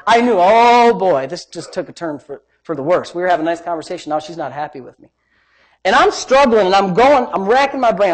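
Man preaching, loud then hushed. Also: sits high, lively intonation, fast. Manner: swings from loud exhortation to hushed storytelling. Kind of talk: sermon with personal story.

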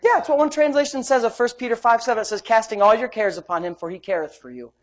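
A woman preacher delivers a lively sermon in a fairly high voice. She swings from bold, loud emphasis to soft, hushed asides, and breaks into laughter as she tells homey family stories. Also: fast talker.

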